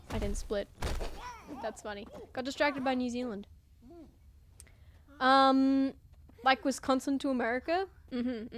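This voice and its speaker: High-voiced woman chatting on stream. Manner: opinionated, rambling, reads chat aloud. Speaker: game streamer. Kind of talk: casual live-stream chat. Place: home room.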